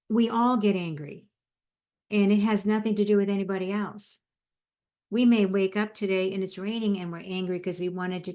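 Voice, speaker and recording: A psychotherapist and speaker in her fifties or older gives a motivational talk, keeping it conversational and weaving in personal anecdotes. Her voice is medium in pitch with a darkish tone.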